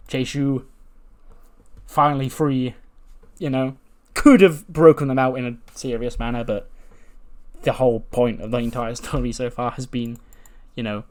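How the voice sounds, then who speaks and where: Man casually commentating a game. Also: mid-range voice. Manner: crude, joking. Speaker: gaming video host.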